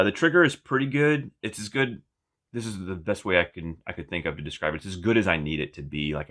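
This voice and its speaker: A man with a deep, low-pitched voice talks through a product review in a loose, offhand way. He trails off, restarts sentences and drops dry, wry asides as he goes. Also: fairly bright tone. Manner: rambling, many fillers and restarts, wry asides. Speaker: firearms reviewer.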